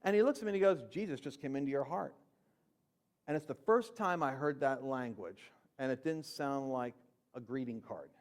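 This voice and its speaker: A man telling his conversion story in a conversational, animated way, jumping from loud emphatic bursts to quiet low asides. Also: fairly quick. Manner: conversational with fillers and slang. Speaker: Christian speaker. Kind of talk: personal testimony storytelling.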